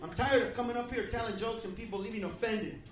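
A man doing a stand-up set in a comedy club. He rants with a lot of profanity and swings from quiet mutters to loud shouts. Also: sits high, fast talker, far from the mic. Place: comedy club stage with a live audience. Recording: echoey club with crowd laughter and noise.

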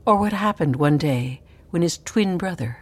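A woman telling a personal story in a dramatic spoken-word style, often dropping into hushed whispers. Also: lowish voice, animated, moderate pace.

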